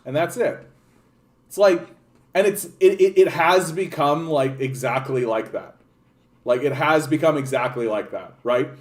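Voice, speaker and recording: A man's voice: a little high, normal speed. A young Canadian man ranting in a political vlog, rambling and sarcastic, with frequent swearing and restarts. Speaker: political commentator.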